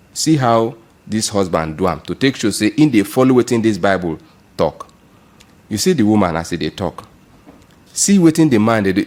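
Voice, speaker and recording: A man's voice: medium pitch, a little mellow. A man with a Nigerian Pidgin accent teaching a Bible lesson, explaining and asking rhetorical questions.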